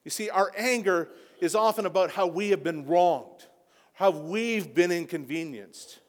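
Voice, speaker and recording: A man with a high voice preaching a sermon, his delivery swelling into loud, impassioned peaks. His voice rings out with a long reverb, as in a church sanctuary. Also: a little slow. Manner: impassioned, building to near-shouting peaks. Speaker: pastor.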